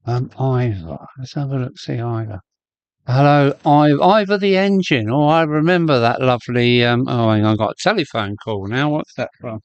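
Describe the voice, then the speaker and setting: A man's voice: medium pitch, normal speed, no room sound, muffled recording. A man hosting a live stream from his loft, chatting casually and greeting viewers by name as he goes. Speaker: host of a model railway live stream. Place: home loft with a model railway layout.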